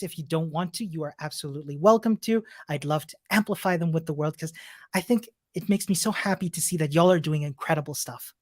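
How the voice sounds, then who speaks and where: Closing out a livestreamed coding bootcamp session, a man with a slightly high voice fields viewer questions in a cheerful, supportive, talkative way. He frequently laughs between remarks and starts sentences over. The audio is studio quality with no room sound.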